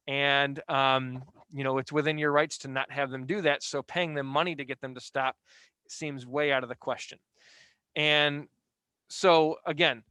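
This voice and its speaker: A man's voice: fairly high pitch, a bit bright, clean tone, no room sound. Man giving a casual history lecture. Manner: conversational, explains with everyday examples. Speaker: teacher.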